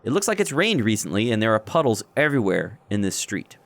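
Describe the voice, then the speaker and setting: A man's voice: on the low side, quick pace. Man narrating as game master. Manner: descriptive, relaxed narration.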